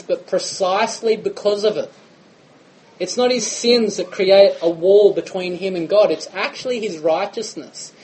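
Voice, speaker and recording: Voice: medium pitch, a little mellow, rough recording. A preacher, giving a conversational sermon full of rhetorical questions.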